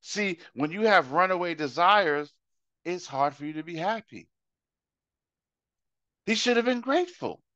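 A man teaches a Bible study in a conversational sermon style, making his point by acting out everyday examples and repeating phrases. His voice sits high and is expressive, bright and forceful, at a measured pace with long pauses. The audio is dull, with no room sound.

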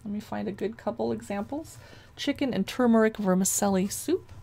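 Chatty woman with a gravelly voice. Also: mid-range voice, brisk, dark tone. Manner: chatty, gushing, reads dish names aloud. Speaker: cookbook reviewer. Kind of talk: casual cookbook flip-through.

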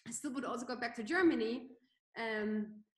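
A woman's voice: a little high, moderate pace. A woman in her thirties with a Dutch accent, chatting casually as a panel guest, full of "like" fillers. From Netherlands. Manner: chatty, many "like" fillers, laughs easily. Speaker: guest entrepreneur. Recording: echoey room.

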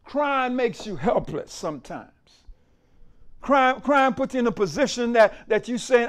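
High-voiced man preaching with emphatic repeats. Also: sing-song, a little slow. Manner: emphatic preaching with repetition and rhetorical call-outs. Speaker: pastor. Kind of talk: sermon.

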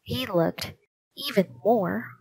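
Slow, clear woman reading a kids' book. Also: medium pitch, darkish tone, no echo, poor audio. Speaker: reader. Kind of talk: children's audiobook narration.

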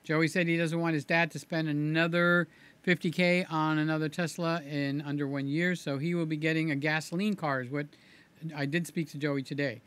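A man's voice: a little high, little pitch movement, normal speed, a bit bright, clean tone. A man hosting a casual livestream, rambling as he reads out viewer comments, with a slight slur to his words. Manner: rambling, chatty, repeats himself. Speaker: livestream host.

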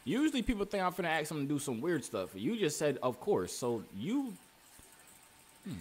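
A man's voice: on the high side, big pitch swings, moderate pace, breathy edge. A man hosting a casual video chat, teasing and trash-talking strangers. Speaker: video host.

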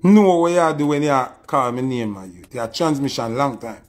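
Over soft background music, a man with a Jamaican accent rants in a diss video, taunting and scornful, repeating his insults. The social media personality's medium-pitched voice is expressive and moves at normal speed.

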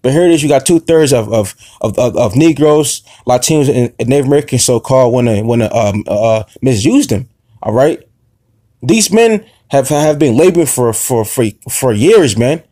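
A man preaching an informal sermon, halting with many fillers and restarts, confrontational and profane. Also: medium pitch, animated, warm tone, no room sound, studio quality.

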